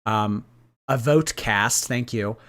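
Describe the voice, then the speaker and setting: A man's voice: on the low side, slow pace, a bit bright. A man hosting a casual livestream, reading and answering viewer chat in a gossipy way and laughing often.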